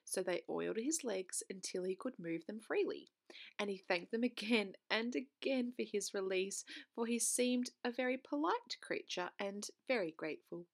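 A woman narrating a children's book aloud in an expressive storytelling manner, with occasional stumbles. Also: mid-range voice, normal speed, gravelly.

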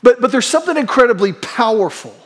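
A man preaching a sermon as pastor, leading the congregation in call-and-response and moving between quick asides and slow, hushed emphasis. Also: extremely high pitch, lively intonation.

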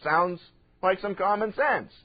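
A man's voice: high voice, lively intonation, measured pace, lo-fi sound. A man preaching a sermon as pastor, in a conversational way that acts out the people in the story. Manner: conversational, acts out quoted voices.

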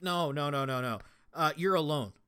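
A man's voice: fairly high pitch, normal speed, bright, forceful tone, clear, resonant tone. A young man from Colorado telling stories in casual podcast chat, swearing freely and laughing as he talks. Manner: profane, laughing storyteller. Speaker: podcast guest, former prison guard.

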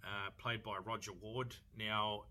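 A man's voice: on the low side, little pitch movement, measured pace, pushed and bright, a little hiss or hum. A man with an Australian accent reviewing a film in a chatty, rambling way with jokey asides.

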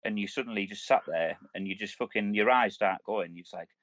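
A man's voice: on the low side, brisk, a bit bright, dry recording. A man, an ex-soldier, telling rambling, sweary army stories on a podcast. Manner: rambling, restarts, heavy swearing. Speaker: podcast host, army veteran. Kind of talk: casual swearing banter, war stories.

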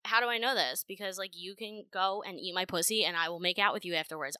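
Young adult woman podcast host, dry close mic, brash, profane, loud bursts of emphasis. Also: medium pitch, brisk, hardly any pauses, clean tone, dry recording. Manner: blunt, profane and animated, with frequent laughter. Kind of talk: casual solo podcast monologue. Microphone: home podcast microphone.

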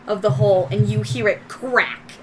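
A woman's voice: medium pitch, normal speed, slight background noise. A woman narrating as game master of a tabletop game, describing scenes in a loose, descriptive way with fillers.

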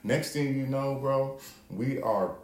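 A man's voice: mid-range voice, slow. Laughing, profane man telling a story. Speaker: podcast co-host. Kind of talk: casual storytelling chat. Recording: echoey room with faint noise.

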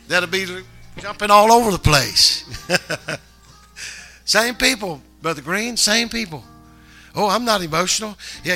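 A man's voice: high voice, bright, forceful tone. A man who is a pastor, preaching a sermon in a church in a loose, conversational way with joking asides that build up to urging the congregation on. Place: church sanctuary.

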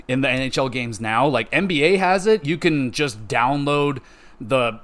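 Profane, animated man chatting on a podcast. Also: medium pitch. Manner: animated, profane, acts out quoted voices. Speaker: podcast host. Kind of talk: casual podcast chat.

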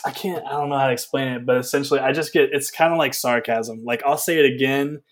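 A man's voice: mid-range voice, steady tone, fast. Playful man in casual podcast chat. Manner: playful, laughs often, says "like" a lot. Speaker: podcast co-host.

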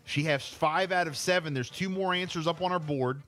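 A man's voice: fairly high pitch, moderate pace, a bit bright, faint music behind. A man hosting a call-in game show on the radio, upbeat and laughing easily.

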